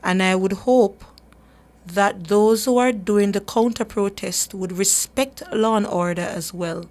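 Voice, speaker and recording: A woman hosting a talk radio show, her voice sitting at an ordinary middle pitch. She speaks with earnest emphasis and often repeats a word or two while she finds her next thought. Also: a little slow, a little mellow. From Jamaica. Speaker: radio show host for a human rights group.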